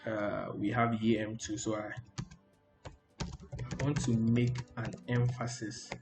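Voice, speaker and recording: A man's voice: on the low side, level tone, slow, music in the background. A man teaching a coding tutorial over a screen recording, talking loosely and repeating "okay, so" between steps. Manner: loose, repetitive, frequent "okay, so". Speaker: coding instructor. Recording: roomy echo.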